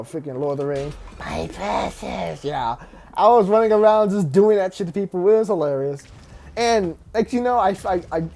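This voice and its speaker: A man's voice: high voice, darkish tone. A young man rambles through a casual story time, stumbling over restarts and fillers. He laughs often as he talks.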